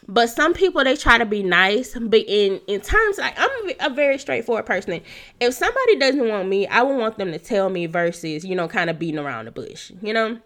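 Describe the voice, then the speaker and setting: A woman's voice: a little high, lively intonation, brisk, pushed and bright. A young woman hosting a casual solo talk on dating, chatty and laughing often, her nose stuffed up. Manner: chatty, laughs often, says "you know" a lot. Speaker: podcast host giving dating advice.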